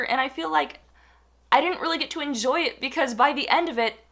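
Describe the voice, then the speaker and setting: A young adult woman telling a personal story in a casual, animated way, full of fillers and acted-out quotes. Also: a little high.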